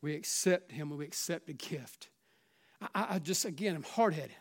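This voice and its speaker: A middle-aged pastor with a South Carolina Southern accent preaches with fervor. His voice sits a touch higher than most men's, and he swings from loud, urging peaks down to hushed, almost whispered lines. He keeps pressing listeners with "listen.". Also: animated, normal speed. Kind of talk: sermon.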